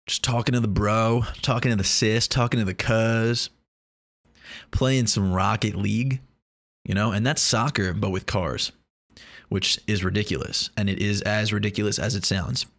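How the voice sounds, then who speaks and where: A man's voice: fairly low pitch, steady tone, normal speed, fairly bright tone. A man vlogging in a casual, rambling way, joking and swearing as he talks to the camera. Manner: rambling, joking, profane, many restarts.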